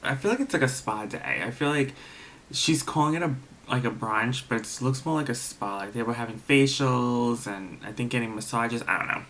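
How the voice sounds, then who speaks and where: A tired man recapping a reality TV episode late at night, talking low, rambling and gossipy with lots of fillers. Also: normal speed, fairly bright tone, a little hiss or hum. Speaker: TV episode reviewer. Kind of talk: casual recap vlog.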